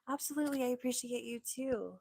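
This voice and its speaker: A woman's voice: fairly high pitch, fairly quick, creaky, darkish tone, slight background noise. A woman hosting a casual live stream, chatting in an upbeat, loose way with lots of fillers into a desk microphone.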